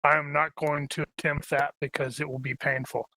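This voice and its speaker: A man playing a tabletop game, joking in quick quips. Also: fairly high pitch, little pitch movement, vocal fry, bright, forceful tone. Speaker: player. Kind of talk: casual tabletop play.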